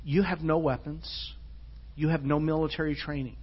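A man preaching a sermon in a church. He is earnest, moving between hushed, soft passages and loud, emphatic ones. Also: fairly high pitch, flat delivery, moderate pace, breathy edge. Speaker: pastor. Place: church sanctuary. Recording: dull lo-fi church recording.

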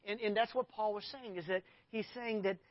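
High-voiced pastor preaching with dramatic bursts. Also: male voice, a little fast, no room sound. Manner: animated, dramatic scripture reading with sudden loud bursts. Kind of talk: sermon. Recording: dull, lo-fi dry recording.

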